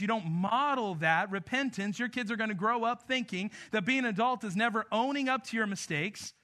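A man preaching a sermon to parents, earnest, moving between emphatic lines and soft, intimate passages. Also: fairly high pitch. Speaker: pastor.

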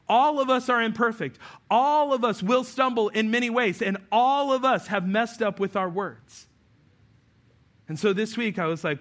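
A man with a high, bright voice preaching to his congregation. He talks earnestly and conversationally, often poking fun at himself as he makes his points. His tone is sharp and ringing, pitched above most men. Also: moderate pace. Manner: earnest, conversational preaching with self-deprecating asides. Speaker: pastor. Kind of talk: sermon.

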